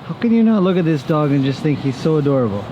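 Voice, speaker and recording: This horse trainer's casual farm vlog has him walking outdoors, chatting to the camera and talking fondly to the animals. He speaks fast and expressively, with a fairly high pitch yet a dark tone. The audio sounds dull, with a little hiss or hum.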